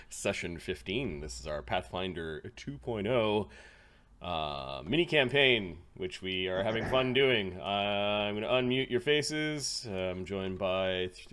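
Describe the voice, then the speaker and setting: A man hosting a tabletop game, chatting casually over a video call and laughing often. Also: fairly low pitch. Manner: laughs often, lively, slow-spoken. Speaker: host and game master.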